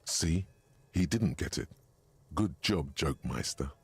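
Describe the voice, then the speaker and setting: A man voicing a game's wry, measured inner-voice narrator with a knowing, dry manner. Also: very deep voice, lively intonation, slightly rough, dry recording, exaggerated voice. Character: deep, dry inner voice of a detective's mind. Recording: faint game music behind.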